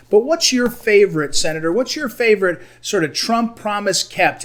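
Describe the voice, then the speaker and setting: A man interviewing a guest over a video call, halting often with fillers and restarts. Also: sits high, a bit bright. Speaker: interviewer for a conservative group.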